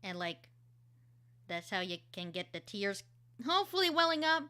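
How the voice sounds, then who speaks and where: A woman's voice: mid-range voice, very animated, normal speed, bright, forceful tone. A woman voice actor streaming, chatting casually and explaining how she works, with lots of fillers.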